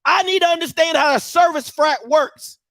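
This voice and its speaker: A man in his thirties hosting a show, delivering a heated commentary rant with mocking rapid-fire rhetorical questions and bursts of shouting. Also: very high voice, no room sound, studio quality. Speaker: show host.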